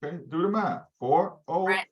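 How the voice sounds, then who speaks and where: A high-pitched man speaks at a moderate pace as he leads a live training for real estate agents, quizzing them along the way. He's the leader of their team.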